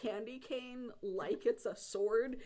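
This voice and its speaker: A woman's voice: a little high, slow, warm tone. A woman running a tabletop game as game master, laughing often through her narration.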